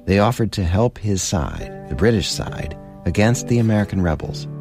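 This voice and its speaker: Low male host voice for scripted history narration, measured storytelling, soft music underneath. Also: expressive. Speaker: radio documentary host.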